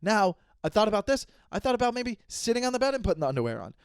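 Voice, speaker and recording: A man's voice: sits high, rapid-fire, smooth, no echo, clean studio sound. A man in his thirties hosting a solo podcast, ranting in an exasperated, comedic way and often restarting his sentences. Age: 30s. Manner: animated, exasperated, repeats and restarts himself. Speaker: podcast host.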